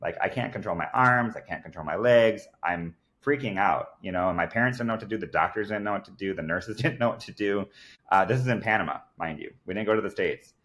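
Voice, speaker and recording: A man's voice: lowish voice, fast talker, a bit bright. A man, a podcast guest, telling a personal story in an earnest, emphatic way, full of fillers like "like". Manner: earnest and emphatic, many fillers like "like" and "I kid you not".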